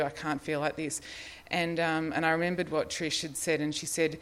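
A middle-aged Australian woman with a low voice shares a personal recovery story. She rambles a little, leans on fillers and laughs at herself often. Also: little pitch movement, fairly quick. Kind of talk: personal testimony, casual storytelling.

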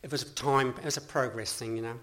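A middle-aged Australian man speaks at a meeting, telling his own story in an earnest, rambling way. He often restarts his sentences and breaks into laughter, and his voice sits at an ordinary middle pitch. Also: steady tone, quick pace, fairly bright tone. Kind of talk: personal testimony talk.

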